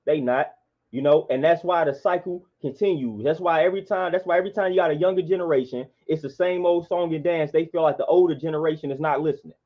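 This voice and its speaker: A man's voice: on the high side, fast. Impassioned man with a lo-fi sound. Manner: preachy, repetitive, emphatic. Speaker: vlogger. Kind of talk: impassioned monologue. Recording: dull lo-fi sound.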